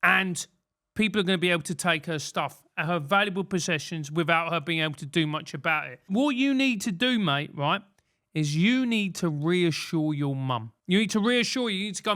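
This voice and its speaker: A man's voice: sits high, lively intonation, moderate pace, bright, forceful tone. A man with a British accent giving comedic advice as a podcast host, ranting and self-mocking. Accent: British English. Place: London.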